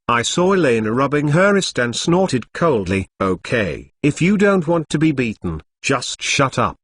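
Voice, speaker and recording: Man narrating a novel with lively pitch. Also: no echo, studio quality. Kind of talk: scripted narration of a translated novel.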